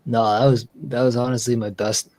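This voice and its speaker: A man's voice: medium pitch, level tone, a little fast, darkish tone, no room sound, rough recording. Rambling male streamer, dry close sound. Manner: rambling storyteller with many fillers. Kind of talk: casual live-stream chat.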